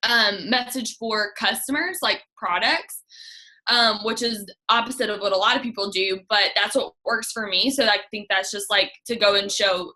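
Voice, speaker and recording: A woman's voice: medium pitch, sharp tone. A young woman giving casual coaching on sales messaging, chatty and upbeat with lots of "like.". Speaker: direct sales team leader.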